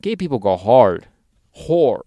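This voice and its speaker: A man's voice: medium pitch, very animated, slow, warm tone, dry recording. A man co-hosting a crude, casual chat, swearing constantly and laughing at his own jokes. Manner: profane, joking, laughs often.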